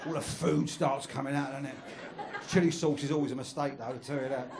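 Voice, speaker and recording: A man's voice: mid-range voice, fairly even intonation, a little fast, vocal fry. A male stand-up comedian from London with a London accent, chatting with the crowd and delivering crude punchlines. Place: comedy club stage. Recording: live comedy club, noisy.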